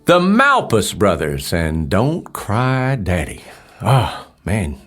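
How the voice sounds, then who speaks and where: A man's voice: fairly low pitch, wildly swooping pitch, takes it slowly, fairly bright tone, faint music behind. A man hosting a casual radio interview, speaking enthusiastically and praising his guests.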